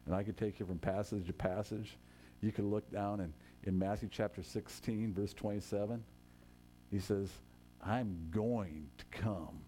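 A man preaching a sermon as a pastor, swinging between loud proclamations and soft, chatty asides, with quick self-corrections. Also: lowish voice, slight background noise.

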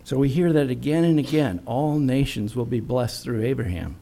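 A man's voice: medium pitch, normal speed, gravelly, mellow. A man preaching a sermon in a chatty, storytelling way with self-deprecating humor.

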